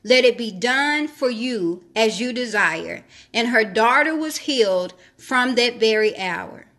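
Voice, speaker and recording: A woman's voice: a little high, lively intonation, slow pace, fairly bright tone. A woman preaching a devotional, reading scripture and urging listeners to trust God, with repeated phrases for emphasis. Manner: reads scripture aloud, then comments on it. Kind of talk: sermon-style devotional teaching.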